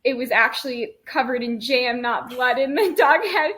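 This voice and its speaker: A woman's voice: sits high, normal speed, fairly bright tone. A young woman hosting a podcast, chatty and teasing in casual conversation. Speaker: podcast host.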